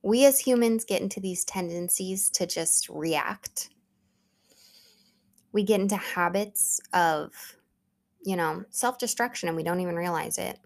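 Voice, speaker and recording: This thirties-aged woman has a lowish voice with vocal fry and speaks a little slowly. Hosting a solo motivational podcast, she coaches her listeners in an earnest, conversational way.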